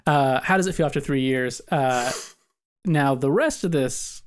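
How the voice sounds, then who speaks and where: Chill podcast dude reading fan messages, easygoing and upbeat. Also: male voice, mid-range voice, a little slow, smooth. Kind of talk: casual chat.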